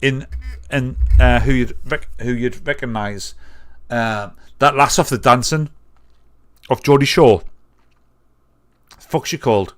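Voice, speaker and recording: A man's voice: mid-range voice, takes it slowly, pauses often. A man, hosting a livestream and reacting to clips in sweary, mocking chat. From North East England. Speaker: livestream host.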